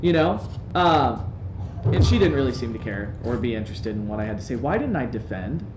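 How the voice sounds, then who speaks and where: A man streaming a game from home on a desk microphone, telling a rambling, animated anecdote with playful asides. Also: mid-range voice, brisk, highs cut off. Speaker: live streamer. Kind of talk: casual storytelling while gaming on stream. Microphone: desk microphone, swapped in for the day. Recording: roomy sound with faint background noise.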